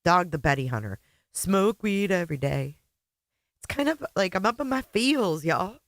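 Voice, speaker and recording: A middle-aged woman hosts a casual livestream chat, her voice on the low side and very animated at a normal speed, with no room sound. She's emotional and teary, chatting away as she reads out viewers' names to greet them.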